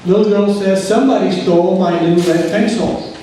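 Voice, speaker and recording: A man giving a training lecture on settlement conferences, speaking slowly and deliberately and acting out bits of quoted dialogue. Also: high-pitched, mellow, slight background noise. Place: courtroom or conference room. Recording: far-off mic in a very echoey room.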